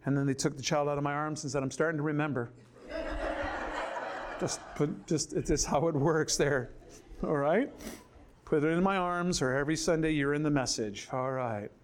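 The speaker is an older pastor whose sermon leans on animated stories where he mimics other people's voices. He shifts into a low, slow register whenever he quotes scripture.

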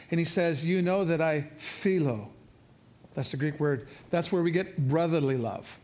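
A man in his fifties delivering a sermon in a loose, conversational way. He tells stories with lively energy and often restarts his sentences. His voice sits slightly high for a man. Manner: conversational, animated storytelling with many restarts. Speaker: pastor.

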